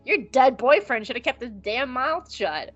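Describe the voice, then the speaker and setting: A woman voicing a restless, defensive young man who talks quickly and stammers, on a dull lo-fi recording. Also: high-pitched, expressive, fairly bright tone, soft background music.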